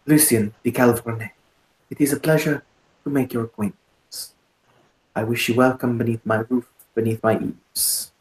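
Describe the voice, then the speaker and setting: A pompous, courtly bishop who weighs each word and speaks with careful formality, as a game master puts him on. His speech is slow, polite and controlled, with a foreign lilt. The sound is a little roomy. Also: mid-range voice, fairly even intonation, natural voice. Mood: courtly, measured. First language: not English. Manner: measured, formal, choosing words with care.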